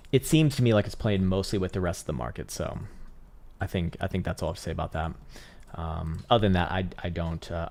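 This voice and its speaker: A man hosting a live stream, reading chat messages and commenting on trading charts in a casual, laid-back way, swearing often and breaking into loud laughs. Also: low-pitched, vocal fry. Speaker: livestream crypto trading host.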